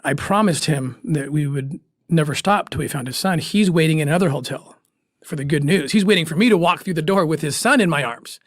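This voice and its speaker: Earnest man telling a story, halting with emotion. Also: a little high, dry recording, clean studio sound. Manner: earnest, halting, restarts when moved. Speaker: guest recounting undercover work.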